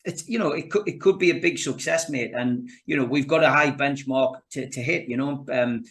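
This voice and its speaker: This is casual chat from a Geordie-accented man out of North East England, appearing as a podcast guest. He restarts a lot and addresses the host as "mate," saying "you know, mate" often, in a mid-range, slightly bright voice at normal speed.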